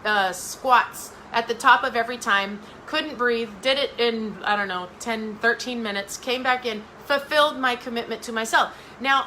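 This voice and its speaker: A woman's voice: on the high side, pushed and bright, a little hiss or hum, poor audio. A middle-aged woman giving a motivational talk straight to her viewers, emphatic and repeating phrases for effect. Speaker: motivational speaker.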